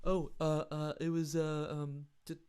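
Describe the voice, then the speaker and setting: A man's voice: fairly high pitch, monotone, a little slow, a little mellow, clear, resonant tone, pitched above the performer's own voice, lightly acted. A man doing an impression of a flustered male politician who stammers and fumbles for words.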